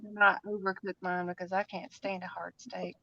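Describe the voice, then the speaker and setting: A chatty woman hosts a relaxed crafting stream, teasing and chatting between bites of food. Her voice comes through a dull, lo-fi recording with a clear layer of background noise. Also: lowish voice, moderate pace. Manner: chatty and teasing, eating while talking. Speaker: craft channel host. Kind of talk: casual chat during a crafting livestream.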